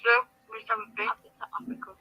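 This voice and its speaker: A woman, a stranger on a video chat, asking quick, suspicious questions over lo-fi call audio. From England, Manchester.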